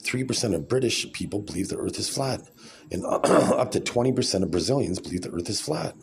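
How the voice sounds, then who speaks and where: A man in his forties rants in a casual vlog, rambling, blunt and sarcastic. His low, gravelly voice swings widely in pitch, over a faint hiss of background noise. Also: lively intonation, a little fast. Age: 40s. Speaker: vlogger.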